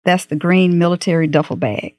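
A middle-aged woman candidly recounting a personal story in an interview, animated and acting out the dialogue. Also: lowish voice, a little fast, no echo. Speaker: guest.

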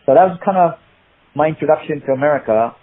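A man with a Cockney accent, an actor guest telling rambling, animated stories with many restarts. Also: a little high, quick pace. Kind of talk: casual interview storytelling. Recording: tinny phone-like line.

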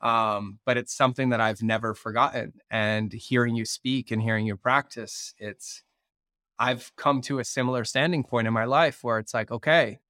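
A man's voice: mid-range voice, steady tone, normal speed, pushed and bright, dry recording, studio quality. A man in his late thirties hosting a podcast, reflecting earnestly on lessons from his own life. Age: 30s. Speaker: podcast host. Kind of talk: conversational podcast interview.

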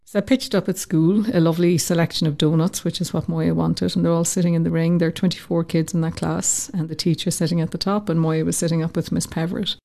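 A woman telling a personal story in an interview, lively and acting out the voices she quotes. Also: fairly low pitch, gravelly. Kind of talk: conversational storytelling.

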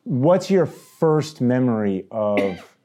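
A man conducts an oral history interview, asking his questions slowly and haltingly with many restarts. His voice is dark and mellow. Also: mid-range voice, very animated.

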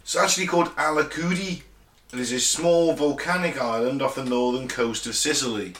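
A British man with a mid-range, fairly bright voice talks at a fairly quick clip, co-hosting a casual podcast where he jokes, swears and laughs a lot. He reads out the towns listeners are from and tells a story, with slight background noise and a roomy echo on the recording.

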